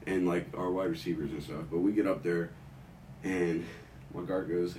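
A man's voice: sits low, fairly quick, darkish tone, echoey room, distant mic. A young man and former football player telling stories in casual chat, loose and laid-back. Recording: voice off-mic with faint hiss.

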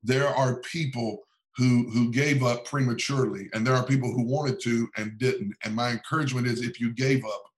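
A man talking about his book as a podcast guest, with the earnest rise and fall of a preacher. His pitch sits in an ordinary middle range, and he often repeats phrases as he builds a point. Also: fairly even intonation, moderate pace, poor audio. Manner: earnest, sermon-like cadence with repetitions. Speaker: pastor and author, podcast guest. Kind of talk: preaching-style podcast talk.

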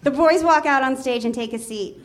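A woman's voice: high-pitched, moderate pace. A woman comedian on a small theater stage, reading her comic story aloud and often laughing at her own lines.

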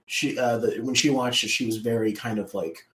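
A man's voice: mid-range voice, fairly even intonation, brisk, fairly bright tone, reverberant. A man with an Australian accent in a casual film discussion, chatty and enthusiastic.

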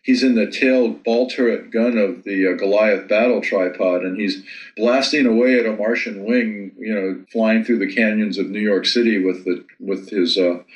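A man's voice: on the low side, roomy sound, low-quality recording. A man with an American accent, a filmmaker talking casually in an interview, often repeating words as he thinks. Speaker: filmmaker guest.

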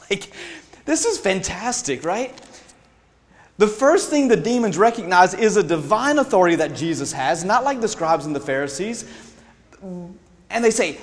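A man preaching a sermon in an animated way, laughing often and acting out the people in his stories. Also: high-pitched, unhurried, pauses often, in a large hall. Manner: animated, laughing, acts out voices in quotes.

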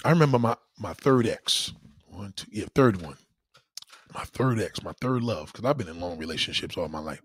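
A man's voice: on the low side, moderate pace, breathy edge, no echo. A man chatting casually as a host, telling profane stories and acting out quoted people. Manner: animated, profane storytelling with mock-quoted voices. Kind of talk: casual chat.

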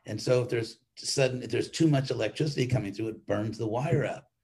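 A man's voice: mid-range voice, fairly quick, a little mellow, husky. An older man, a monk, giving an informal weekly class in a rambling, conversational way with frequent restarts.

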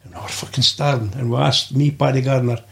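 A man's voice: medium pitch, little pitch movement, fast talker, creaky. An older man with a Scottish accent, a podcast guest telling rambling stories and swearing freely. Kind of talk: anecdotal storytelling.

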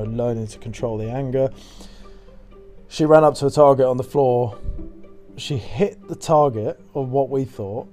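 A young man tells a loose, rambling anecdote, swearing freely and laughing as he goes. His voice is mellow and soft-edged, sitting at an ordinary middle pitch for a man. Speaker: storyteller. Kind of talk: casual anecdote.

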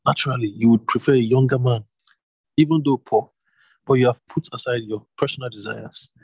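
A man voicing a kind, generous landowner in a read-aloud Bible story, with a husky voice close to his own. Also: mid-range voice, steady tone, brisk, darkish tone, no room sound, dull audio. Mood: reassuring.

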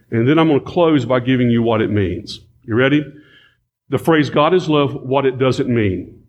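A man's voice: medium pitch, darkish tone, highs cut off. A man preaching a sermon, reading scripture and repeating key phrases with emphasis as he addresses the congregation.

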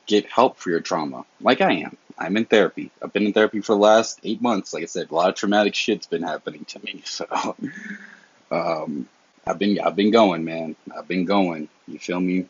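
A man's voice: deep voice, moderate pace, slightly rough, no echo. A young man from the American South with a Southern accent, hosting a casual solo podcast and talking in a candid, slangy, earnest way. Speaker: podcast host. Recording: dull lo-fi dry sound.

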